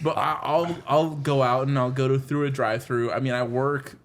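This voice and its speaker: A man's voice: medium pitch, steady tone, moderate pace. A man chatting casually on a podcast with friends, joking and cutting in to keep talking. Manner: joking, keeps pushing to be heard. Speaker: podcast guest, driving instructor.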